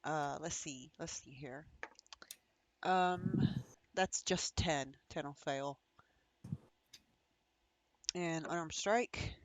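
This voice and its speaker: A casual player in a tabletop game talks through a turn with a mid-pitched voice. The speech grows mumbly while checking rolls, and the recording is dry and close. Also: extremely slow, long pauses, no echo.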